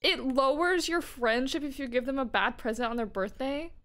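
A woman's voice: high voice, normal speed, fairly bright tone. A young woman streamer chatting casually while playing a game, rambling and swearing as she goes. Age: young adult. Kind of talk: casual chat while gaming.

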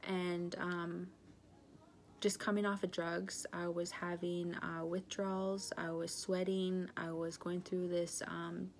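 A woman of about 30 from northern British Columbia, Canada, giving an earnest personal testimony, halting and full of pauses and fillers. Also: lowish voice, little pitch movement, slight background noise. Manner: earnest, confessional storytelling.

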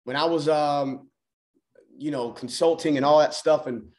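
A man's voice: a little high, fairly even intonation, a little slow, a little mellow. A man coaching on a mindset call, talking emphatically and repeating key phrases for effect. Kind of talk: motivational call talk.

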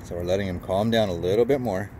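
Man, dog trainer, outdoor vlog; low voice, coaxing and explanatory, faint background noise. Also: quick pace, darkish tone. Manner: coaxing, praising the dog often, explaining as he goes. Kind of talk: casual narration while training a dog outdoors. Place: outdoors at a park.

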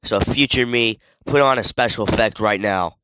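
A man's voice: lowish voice, normal speed, a bit bright, smooth, no room sound. A sick young man rambling through casual gameplay commentary, easily distracted and breaking into sudden yelps. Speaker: gaming video creator.

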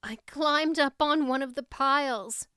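A woman voicing a spirited, imaginative teenage girl who speaks in an earnest, expressive way. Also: high-pitched, measured pace, no echo, clean studio sound, pitched above the performer's own voice. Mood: spirited, rueful.

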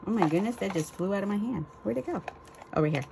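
A woman's voice: mid-range voice, expressive, fast, gravelly, background noise. A woman chatting casually as she unboxes craft swap items on her vlog, gushing and exclaiming over each one. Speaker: crafting vlogger.

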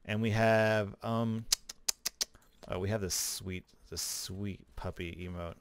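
A man giving casual, chatty commentary as a gaming video creator, relaxed, with small laughs. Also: lowish voice, slow, clean tone, dry recording. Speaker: gaming YouTuber. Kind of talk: casual commentary over gameplay.

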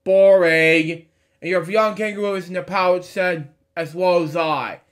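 A man's voice: high voice, moderate pace, a bit bright. A man reading a children's storybook aloud at home, stumbling over words and breaking off into blunt, irreverent asides. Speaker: storybook reader. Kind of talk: casual read-aloud with commentary. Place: home at night.

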